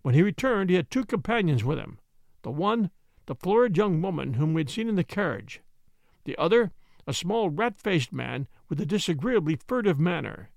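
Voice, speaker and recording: Male audiobook narrator, measured storytelling, gravelly, dry close recording. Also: high-pitched, very animated, a little mellow, no echo. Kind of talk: scripted narration.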